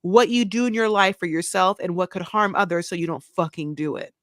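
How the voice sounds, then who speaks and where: A woman's voice: lowish voice, brisk, fairly bright tone, no echo, studio quality. Sarcastic woman giving blunt opinions. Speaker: podcast co-host. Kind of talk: casual chat.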